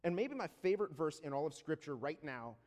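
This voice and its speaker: A man delivering a sermon in a somewhat high voice, his words ringing through the long reverb of a large hall. He keeps it conversational, tossing out rhetorical questions to the congregation, and he slows right down when he reads scripture aloud. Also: expressive, a little mellow. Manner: reads scripture slowly and deliberately. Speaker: pastor.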